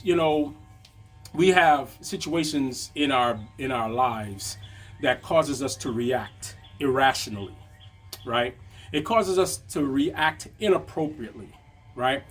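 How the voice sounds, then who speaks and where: Brief: male business coach, slightly high voice, chatty lesson delivery, soft music beneath. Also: slightly rough. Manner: conversational, frequent tag questions "right?". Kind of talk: motivational lesson.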